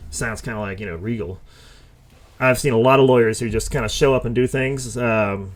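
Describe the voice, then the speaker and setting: A man's voice: fairly high pitch, fairly bright tone. A man hosting a commentary show, reading legal letters aloud and breaking off to react, laugh and get heated. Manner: informal, stops to react and laugh, gets heated. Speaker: commentary host. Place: home or office.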